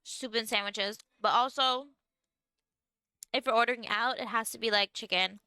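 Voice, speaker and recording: Bright, higher-voiced young woman streamer. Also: fairly even intonation, normal speed, clear, resonant tone, dry recording. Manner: chatty, lots of "like", talking while eating. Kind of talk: casual livestream chat.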